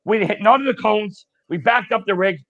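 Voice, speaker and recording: A man's voice: high voice, fairly quick, dry recording. A middle-aged man, a retired firefighter telling stories bluntly and profanely as a podcast guest. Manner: blunt, profane, animated storyteller. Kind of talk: casual storytelling. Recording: dull, dry lo-fi sound.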